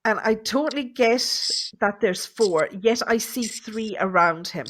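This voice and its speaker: A woman's voice: a little high, a little slow, fairly bright tone, a little hiss or hum. A woman working as a medium, talking through a live reading with a caller in a chatty, reassuring way full of fillers. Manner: chatty, reassuring, thinks aloud with many fillers.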